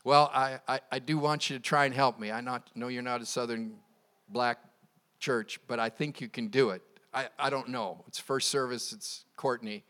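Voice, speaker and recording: A man's voice: medium pitch, fairly even intonation, normal speed, fairly bright tone. A man preaching a sermon at a church service, quoting scripture with passion and leading the congregation in call and response. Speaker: pastor.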